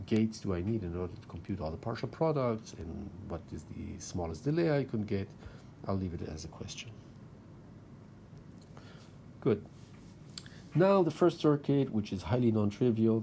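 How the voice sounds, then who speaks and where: Lively, low-voiced man giving a lecture. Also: slight background noise. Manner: explains step by step, talking through drawings with frequent "okay". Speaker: university lecturer. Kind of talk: recorded lecture explaining slides.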